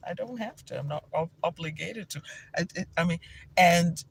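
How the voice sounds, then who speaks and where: Energetic male spiritual teacher with a Nigerian accent, animated storyteller who laughs easily, a touch high-pitched. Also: normal speed, creaky, husky. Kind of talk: casual teaching talk to viewers.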